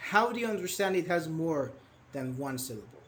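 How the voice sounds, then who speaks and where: A young man teaching English grammar in a live online class, patient and questioning, repeating words slowly. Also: fairly high pitch, animated, a bit bright, slight background noise.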